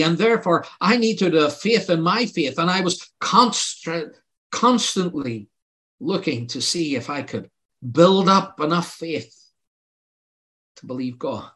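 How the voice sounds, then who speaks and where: A man's voice: a little high, measured pace, fairly bright tone. An older man preaching a sermon, telling his own testimony in an earnest, pleading way that rises to emphatic outbursts.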